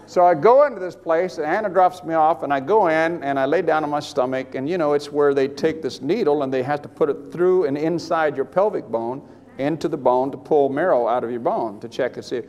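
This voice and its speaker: A man's voice: a little high, brisk. Older male preacher in a reverberant hall. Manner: storytelling, animated, rambling with restarts. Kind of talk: sermon testimony.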